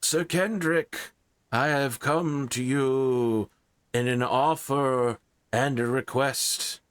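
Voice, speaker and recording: A man voicing a pained male king who speaks to the players through a magic axe, in a slow and formal way. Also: mid-range voice, fairly even intonation, smooth, no room sound, pitched above the performer's own voice, close to an everyday voice. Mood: regal, grave. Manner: slow, formal, regal speech.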